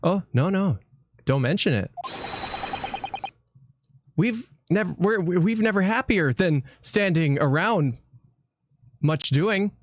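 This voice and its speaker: A man's voice: high-pitched, expressive, slow, long pauses, background noise. A man voicing a timid young Japanese male lawyer, reading game dialogue aloud in a raised, nervous voice.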